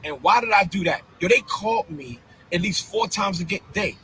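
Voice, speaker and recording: A man in a heated live-stream rant, talking like a preacher. His voice sits high and rings bright and sharp, and he keeps breaking into incredulous, repeated outbursts. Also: expressive, moderate pace, slight background noise, low-quality recording. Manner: fiery, repetitive, confrontational preaching cadence. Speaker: bishop.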